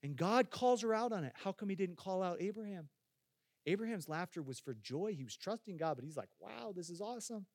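High-voiced preaching pastor. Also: male voice, animated, a little fast, darkish tone, no room sound, studio quality. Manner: conversational, asks the listeners direct questions; repeats and restarts phrases for emphasis. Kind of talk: sermon.

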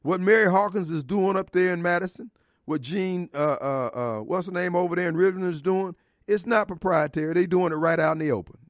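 A man's voice: high voice, a little fast, no room sound, clean studio sound. A man with a Mississippi accent hosting a call-in radio talk show, blunt and preachy, with frequent laughs. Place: radio studio.

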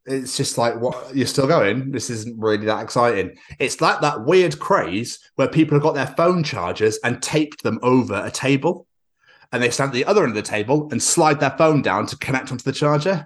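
A man's voice: medium pitch, a little fast. Man, English podcast host, crude comedic banter, sweary, laughs a lot. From England. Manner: sweary, laughing, animated storytelling.

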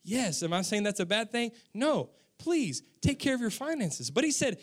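A man preaching a sermon as the pastor, calling out to his congregation, with sudden drops into a soft, hushed delivery. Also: high-pitched, big pitch swings, moderate pace, hardly any pauses. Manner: emphatic preacher, calls on the congregation.

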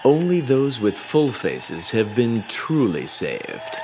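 A deadpan superhero. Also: male voice, medium pitch, slow pace, full character voice. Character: deadpan superhero man, flatly solemn. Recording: film clip with clear music behind. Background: music.

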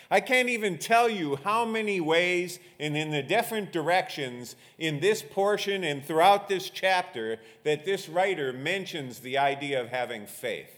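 A man preaching a sermon as pastor, leading a prayer and explaining scripture with rising emphasis. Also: a little high. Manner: prays quietly, then preaches with rising emphasis.

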